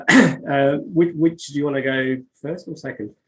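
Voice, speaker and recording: A poet and author with a highish, slightly bright voice speaks at a measured pace in a conversational interview, using many fillers and restarts. He also reads his own poems aloud, and the audio quality is poor.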